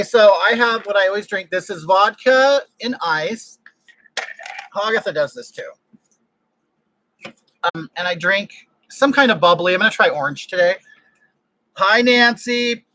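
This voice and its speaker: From a room at home with air conditioning, a livestream host chats with viewers into a desk microphone in a gushing, exclamatory way. His voice sits high, bright and forceful, at normal speed with long pauses; the audio is poor and has no room sound.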